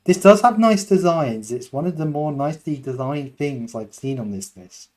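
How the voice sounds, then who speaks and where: A man's voice: a little high, expressive, normal speed, a little mellow. A young British man co-hosting a podcast in casual chat, rambling and self-deprecating, laughing often. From United Kingdom. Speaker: podcast co-host.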